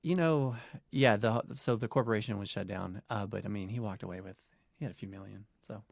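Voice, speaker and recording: A wry man in his forties trades jokes on a podcast, laughing easily. His voice is gravelly and sits a little low. The sound is dry and close. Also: a little fast, no echo. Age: 40s. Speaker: podcast co-host. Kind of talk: casual podcast chat.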